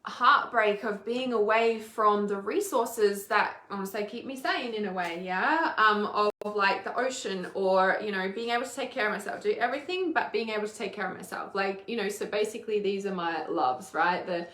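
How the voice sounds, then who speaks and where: A woman's voice: mid-range voice, normal speed, few pauses, fairly bright tone. Aussie lady in her 40s venting to camera, swears a lot, kinda roomy echo. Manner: candid, swears freely, emphatic. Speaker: intuitive healer and mentor. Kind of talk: casual personal video talk.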